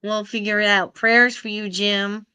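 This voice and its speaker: Bright, smooth-voiced woman stream host. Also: mid-range voice, flat delivery, unhurried. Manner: chatty, greets and answers viewers' comments. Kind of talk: casual live stream chat.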